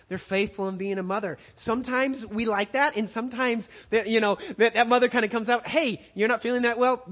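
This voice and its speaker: A male pastor preaching a sermon, moving between loud emphatic passages and quiet, hushed ones. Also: fairly high pitch, muffled recording.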